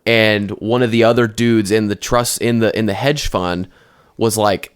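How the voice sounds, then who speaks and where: A man's voice: fairly low pitch, a little slow, clear, resonant tone. A man co-hosting a podcast, chatting casually, rambling with lots of restarts and swearing. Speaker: podcast co-host. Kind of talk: casual chat.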